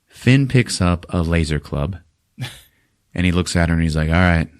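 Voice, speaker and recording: A man hosting a podcast, retelling a film in a casual, profane and animated way. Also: low-pitched, normal speed. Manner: animated, swears often, acts out quotes in silly voices. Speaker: podcast host recapping a film. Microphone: podcast mic.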